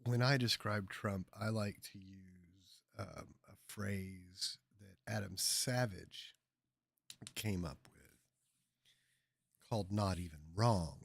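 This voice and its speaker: Host: sarcastic ranting man, gravelly and raspy, dry close sound, mid pitch. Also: slow pace, no room sound. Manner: sarcastic, ranting, mocks by repeating. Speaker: livestream host. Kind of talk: mocking political commentary.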